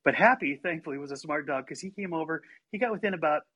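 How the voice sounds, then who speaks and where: An older man with a husky voice and a slightly raised pitch tells family stories in a relaxed, conversational way. He animates his tales by slipping into his relatives' voices. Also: fast. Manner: animated, acts out family members in higher voices. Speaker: storyteller guest. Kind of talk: casual storytelling chat.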